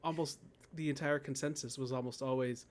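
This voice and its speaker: A man's voice: mid-range voice, a little fast. A man in his thirties, a guest in an interview, telling a personal story in a casual way, often laughing and quoting his own thoughts. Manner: laughs often, animated storytelling with quoted inner voices. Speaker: guest, poet and death doula.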